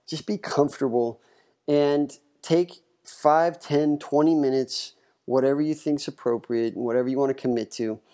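A man's voice: mid-range voice, warm tone. A man hosting his own podcast, talking candidly and self-deprecatingly in a loose, casual way. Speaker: podcast host. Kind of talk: casual solo podcast talk.

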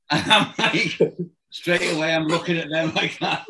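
A former football manager telling lively anecdotes in casual chat, acting out voices and noises and laughing often. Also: male voice, on the high side, normal speed, background noise.

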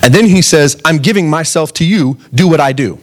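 A man's voice: a little high, fairly quick, a little hiss or hum. A man in his thirties preaching a sermon in an earnest, conversational way, putting direct questions to his listeners. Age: 30s. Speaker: pastor.

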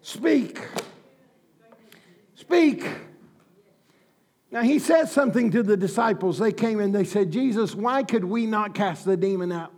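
A man preaching a sermon, swinging from folksy, joking asides to shouted, fervent declarations. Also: high-pitched, lively intonation, a little fast, few pauses.

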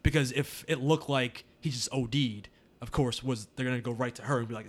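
A man's voice: mid-range voice, steady tone, a little fast. A man hosting a podcast, chatting casually about a movie, laughing often and talking loosely. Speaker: podcast host. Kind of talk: casual movie review chat.

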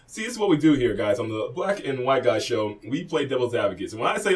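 A man's voice: mid-range voice, expressive, fast talker, few pauses, far from the mic. A man co-hosting a casual podcast from a studio, rambling and teasing. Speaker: podcast co-host.

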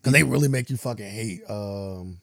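A man's voice: on the low side, moderate pace, vocal fry, fairly bright tone, no room sound, studio quality. A man co-hosting a podcast in loose, joking chat, often acting out scenes as he retells them. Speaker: podcast co-host. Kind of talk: casual chat.

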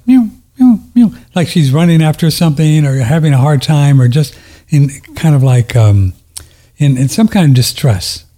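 A man hosting a casual conversation, telling gentle stories and often repeating words. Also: medium pitch. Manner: warm-hearted, repeats words, soft-spoken stories.

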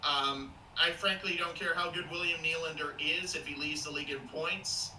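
Bright-voiced man, distant and echoey. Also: a little high, fairly even intonation, moderate pace, slight background noise. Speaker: podcast co-host. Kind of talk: casual hockey podcast chat.

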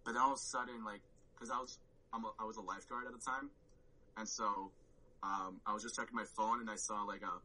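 A man's voice: on the low side, fairly even intonation, fast talker, pushed and bright, a little hiss or hum, poor audio. A man telling a story on a podcast, rambling with lots of "like" and swearing and acting out his own reactions. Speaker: podcast guest. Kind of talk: casual storytelling chat.

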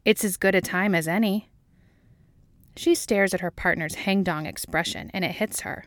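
A woman narrating a fan fiction audiobook in a quiet, even, wry voice. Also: fairly low pitch, moderate pace, dry recording.

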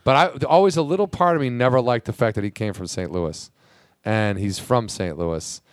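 A man hosting a podcast, telling loose, profane stories in casual chat and slipping into quick impressions. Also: fairly low pitch, no room sound, clean studio sound. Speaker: podcast host.

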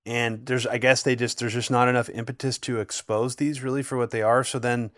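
A man's voice: mid-range voice, flat delivery, a little fast, a bit bright, no echo, studio quality. A man in casual political chat, speaking thoughtfully and hedging with frequent fillers.

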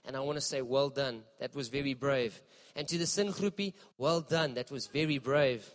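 A man preaching a sermon in a church, impassioned and emphatic, with dramatic pauses. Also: mid-range voice, in a large hall. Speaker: pastor.

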